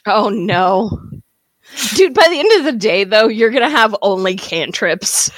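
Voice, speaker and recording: A woman co-hosting a casual chat about a tabletop game, expressive and quick to laugh as she steers the talk. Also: mid-range voice, dry recording. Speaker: podcast co-host.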